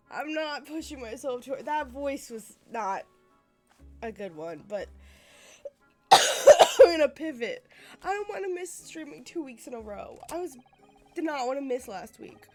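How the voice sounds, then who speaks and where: Casting: hoarse, sick woman gamer, higher pitched, chatty and apologetic, coughing through. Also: expressive, measured pace, soft background music. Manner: self-deprecating, apologetic. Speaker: streamer. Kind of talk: let's play commentary.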